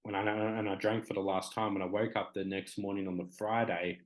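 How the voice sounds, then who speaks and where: A man's voice: low voice, little pitch movement, brisk, low-quality recording. A man in his twenties with an Australian accent, a talk show guest speaking candidly and rambling with many fillers. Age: 20s.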